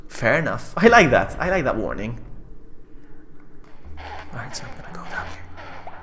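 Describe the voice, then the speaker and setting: A man streaming a game live, chatting to viewers and yelping or shouting when something startles him. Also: on the high side, huge pitch swings, brisk, pauses often. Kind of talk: live let's-play commentary. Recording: game music playing underneath.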